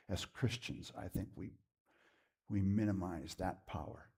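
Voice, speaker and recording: A middle-aged man, preaching as a guest speaker and telling a personal story that swings from lively to hushed. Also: low voice, a little slow, gravelly, husky. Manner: storytelling with lively shifts, drops to a hush. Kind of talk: sermon testimony. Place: church.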